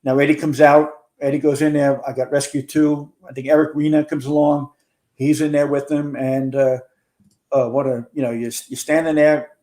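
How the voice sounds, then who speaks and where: On a podcast, a retired fire chief in his sixties earnestly walks through a big fire, reliving events in close detail. His delivery is flat and his voice mellow and fairly high, at a normal speed.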